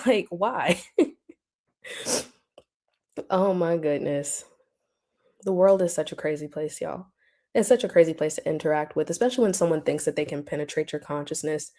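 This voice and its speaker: A woman's voice: deep voice, dark tone. A woman hosting a casual livestream, answering her chat with teasing remarks and frequent laughter. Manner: laughs often, teasing and mocking.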